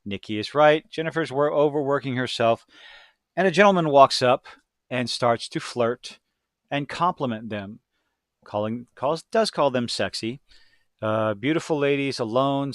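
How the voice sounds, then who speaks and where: A man's voice: medium pitch, no echo, studio quality. A man talking casually as he reviews a show, blunt and rambling, with self-deprecating asides.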